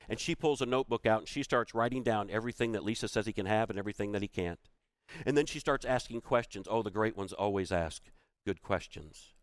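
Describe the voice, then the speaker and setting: A man's voice: lowish voice, fast, no room sound. A middle-aged man giving a storytelling keynote talk, acting out the quoted voices of the people in his story. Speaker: keynote speaker.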